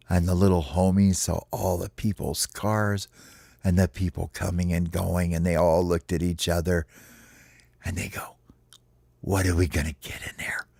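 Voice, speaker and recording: A man telling a playful children's story to his kids in an animated way. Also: low-pitched, gravelly, no echo. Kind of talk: bedtime storytelling.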